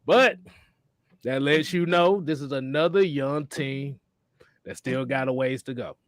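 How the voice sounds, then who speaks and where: A man hosting a casual sports talk show, animated and profane, often laughing as he talks. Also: medium pitch, measured pace, no room sound, studio quality. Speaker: podcast host.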